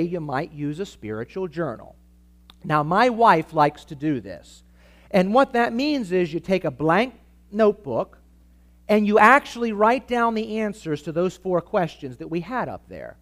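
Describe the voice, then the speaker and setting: Guy preaching to a church crowd, high voice, bounces all over, emphatic, calls for amens. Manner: emphatic, asks the audience for amens. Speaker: preacher teaching a church audience. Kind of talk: sermon-style teaching talk.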